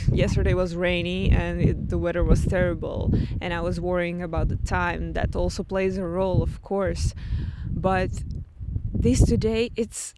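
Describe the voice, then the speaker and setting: A young woman from Croatia vlogging outdoors on a hilltop, chatting emotionally to her camera and laughing through tears. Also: medium pitch. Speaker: travel vlogger. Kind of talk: casual vlog talk to camera. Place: outdoors on a windy island hilltop. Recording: loud wind and outdoor noise.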